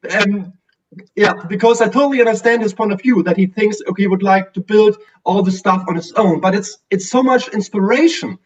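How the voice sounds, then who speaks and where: A German-accented man with a fairly high voice, talking casually over a video call. He comes through distant and dull, like lo-fi audio from across the room, and he often restarts his sentences with many fillers. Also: brisk. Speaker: guest streamer.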